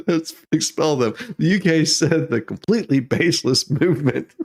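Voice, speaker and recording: A man's voice: a little high, lively intonation, moderate pace. A man hosting a comedic news show, reading headlines and repeatedly breaking into laughter. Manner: giggly, keeps breaking into laughter while reading. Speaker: host.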